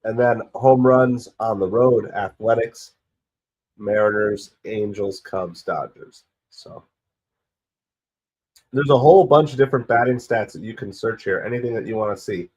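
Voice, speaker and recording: Speaking a touch slowly, a man with a cold-roughened, blocked-up voice chats his way through a game on a low-key live stream. The casual play-by-play drifts between numbers and action, and close pitches get him fired up.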